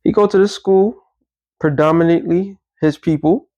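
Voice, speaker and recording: A man's voice: a little high, moderate pace, warm tone, no room sound, dull audio. A man giving casual, rambling religious commentary, emphatic and often correcting himself mid-sentence. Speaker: online commentator.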